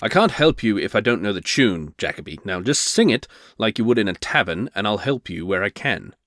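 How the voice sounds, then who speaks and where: A man's voice: on the low side, sing-song, brisk, hardly any pauses, a bit bright, dry recording. Teasing male podcast host. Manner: teasing, probing, playfully dry. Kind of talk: scripted comedic interview.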